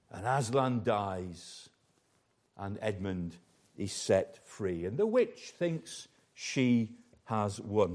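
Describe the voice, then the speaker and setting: A man preaching a sermon in a chapel, earnest and unhurried, at times turning to speak directly to the children. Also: mid-range voice, a little mellow.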